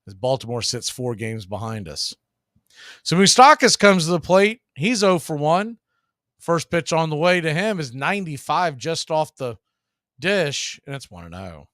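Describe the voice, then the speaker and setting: A man calling live baseball play-by-play as the show's host, building excitement on big plays. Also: medium pitch, moderate pace, dry recording, studio quality. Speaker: play-by-play announcer.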